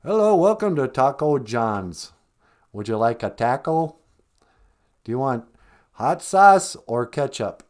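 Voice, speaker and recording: A man voicing a cheerful fast-food counter clerk with a Minnesota accent, in a chirpy, sing-song service voice. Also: mid-range voice, very animated.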